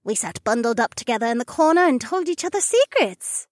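A man voicing a soft-spoken, earnest young dragon-blooded woman in an audiobook. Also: very high voice, big pitch swings, brisk, no room sound, clean studio sound, voice pushed up. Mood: eager. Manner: earnest and eager. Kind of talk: audiobook character voice.

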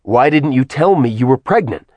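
A snarling, furious ancient god bursts out of the storybook, his voice strained high and loud with rage, performed by a male narrator. The sound is dry and close, with no room around it. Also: expressive, moderate pace, dry recording, lightly acted. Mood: anguished. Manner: snarling, raised angry voice. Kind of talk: audiobook character voicing.

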